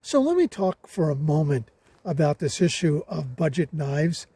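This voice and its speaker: A man's voice: on the high side, very animated, moderate pace, warm tone, slightly rough. An older man reviewing a folding knife while out on a hike, in a casual, emphatic way, stressing words by repeating them. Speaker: hiking vlogger. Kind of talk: casual outdoor gear review. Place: outdoors on a hiking trail.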